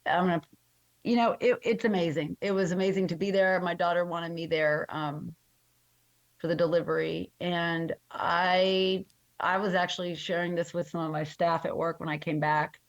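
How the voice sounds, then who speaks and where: A new grandmother telling a heartfelt story in casual podcast chat, with many halting restarts. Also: fairly low pitch, steady tone, dry recording, dull audio. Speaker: guest.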